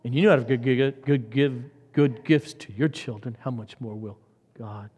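A man preaching a sermon, swinging from loud emphatic lines to hushed whispers. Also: medium pitch, moderate pace, slightly rough. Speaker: pastor. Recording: long hall reverb.

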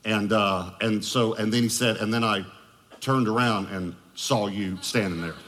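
A man's voice: lowish voice, steady tone, measured pace, background noise. A man preaching a sermon as pastor, telling a story with joking asides. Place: large church auditorium. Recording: long hall reverb.

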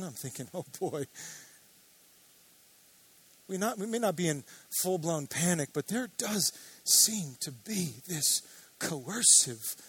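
A man's voice: a little high, a bit bright, husky. A man preaching a sermon as pastor, earnest and building to emphatic declarations.

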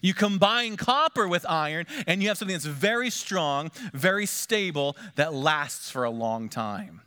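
A middle-aged man delivers a sermon from the pulpit in a fairly high voice. He drops to hushed asides, then swells louder and higher on the points he wants to land. The delivery has a lively, varied preaching lilt. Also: moderate pace, clean tone. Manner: dynamic preaching, swinging between hushed asides and lifted, bigger emphatic lines. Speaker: pastor.

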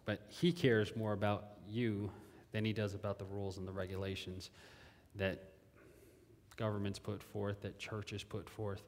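A man's voice: on the low side, flat delivery, measured pace. A man preaching a sermon in a conversational way, repeating phrases and asking his listeners questions. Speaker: pastor. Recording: long hall reverb.

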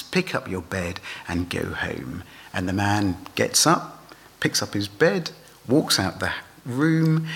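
A man's voice: lowish voice, gravelly, a bit bright. A man preaching a sermon, asking his listeners rhetorical questions.

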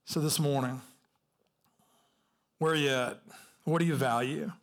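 A man's voice: a little high, steady tone, unhurried. A middle-aged man preaching a sermon in a conversational, storytelling way, often restarting his sentences. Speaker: pastor.

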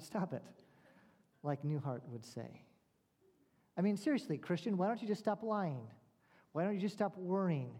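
A man preaching as a pastor, telling a story and asking slow, searching rhetorical questions. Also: sits high, mellow. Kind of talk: sermon. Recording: long reverb of a large hall.

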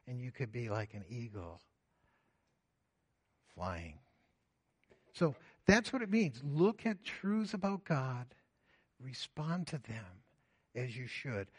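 Male pastor, slightly high pitch, preaches with big swings from loud emphasis to quiet, low asides. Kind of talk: sermon.

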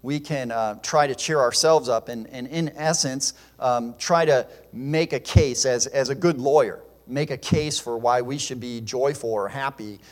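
A man's voice: mid-range voice, unhurried, few pauses. A man preaching a sermon in an earnest, emphatic way, with fillers and restarts. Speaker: pastor. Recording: long hall reverb.

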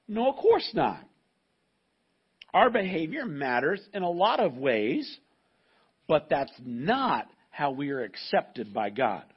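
A man's voice: fairly high pitch, husky. A male pastor giving a sermon to a live congregation, talking in an emphatic, conversational way with frequent restarts, in a dull, muffled recording. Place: church service with a live congregation.

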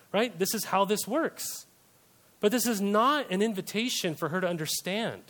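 A young man delivers a church sermon in a conversational way, checking in with his listeners through rhetorical questions. His voice sits on the higher side for a man. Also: moderate pace, a bit bright. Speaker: pastor. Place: church service.

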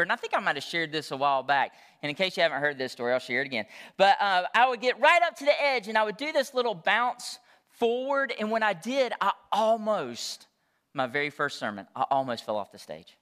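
A man's voice: sits high, a bit bright, big-room sound. A man, preaching a sermon in a conversational, storytelling way. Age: 40s. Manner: conversational, storytelling with frequent check-ins. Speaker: pastor.

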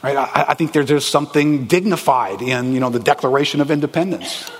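A man preaching a sermon as a pastor, animated and conversational, asking the congregation rhetorical questions. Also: mid-range voice, fairly quick. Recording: echoey hall, long reverb.

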